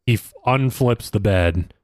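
A man's voice: on the low side, measured pace, no room sound, studio quality. A man co-hosting a podcast, making wry, sarcastic remarks while recapping a reality show. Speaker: podcast co-host.

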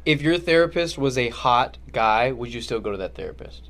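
A man's voice: medium pitch, lively intonation, normal speed, a bit bright. A young man co-hosting a casual podcast, asking teasing questions and sharing his dating habits. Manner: joking, probing questions. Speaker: podcast co-host. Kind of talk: casual chat.

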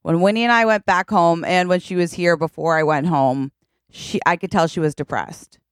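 A woman's voice: lowish voice, normal speed, clear, resonant tone, dry recording, clean studio sound. A woman co-hosting a podcast in casual chat, joking around and acting out little voices. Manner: playful, jokey, acts out little voices. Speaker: podcast co-host.

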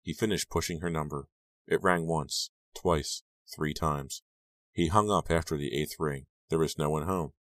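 Very deep-voiced male audiobook narrator. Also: fairly even intonation, dry recording, clean studio sound. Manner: measured, brooding storytelling. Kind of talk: scripted narration.

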